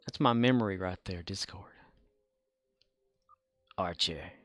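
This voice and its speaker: A man's voice: deep voice, slow, a bit bright, dry recording. A man streaming a video game and chatting casually in a rambling way, with chuckling asides. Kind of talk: casual gaming commentary.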